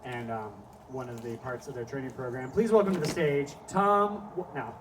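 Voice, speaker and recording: A man's voice: medium pitch, moderate pace. Rambling, profane male stand-up comic. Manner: rambling, profane storytelling with asides. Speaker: stand-up comedian. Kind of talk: live stand-up set. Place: small live comedy venue with audience. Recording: distant mic with faint background noise.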